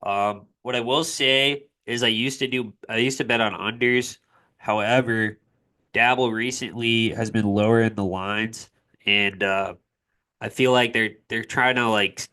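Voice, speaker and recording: A man's voice: lowish voice, fairly bright tone. A young man with a cold, talking through a sports betting walkthrough in a loose, filler-heavy way. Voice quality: nasal. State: congested from a cold. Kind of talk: casual screen-share walkthrough.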